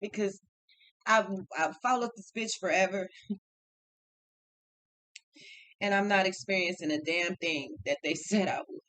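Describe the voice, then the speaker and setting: A woman's voice: mid-range voice, fairly even intonation, measured pace, pauses often, a bit bright, no echo, poor audio. A woman giving a casual tarot reading, blunt and profane, upset and tearful. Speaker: tarot reader.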